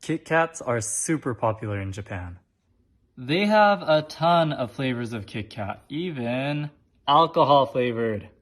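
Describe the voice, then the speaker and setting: A young language teacher making short videos records a jokey, pun-heavy lesson on his phone. His mid-range voice is animated, and he keeps a measured pace.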